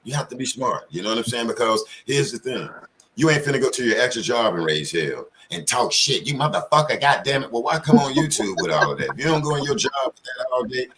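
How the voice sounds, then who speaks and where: A man's voice: mid-range voice, animated, fast talker, fairly bright tone. A man in casual panel talk, telling loose, profane stories full of slang. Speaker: community panelist.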